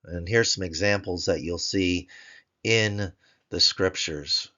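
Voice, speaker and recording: A man teaching a grammar lesson, patiently repeating each word slowly so learners can follow. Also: low voice, sharp tone, highs cut off. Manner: patient, repeats words slowly for pronunciation drill. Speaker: Biblical Hebrew tutor.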